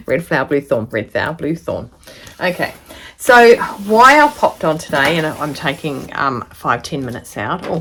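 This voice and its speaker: A woman's voice: low-pitched, fairly bright tone. A woman from New Zealand chatting casually while unboxing a parcel in a sewing vlog, rambling and easily delighted. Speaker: sewing vlogger.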